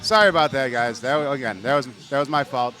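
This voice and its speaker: A man's voice: medium pitch, quick pace, bright, forceful tone. A man co-hosting a podcast in casual banter, cutting in with dry wisecracks. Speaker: podcast co-host. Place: bar during a football game.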